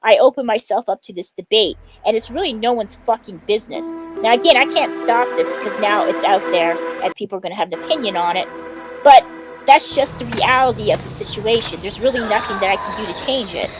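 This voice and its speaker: A woman's voice: medium pitch, a little fast, over music, low-quality recording. A woman livestreamer ranting angrily at a rival. She swears often and stumbles through fillers and restarts. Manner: heated, profane, with many fillers and restarts. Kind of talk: angry livestream rant at a rival.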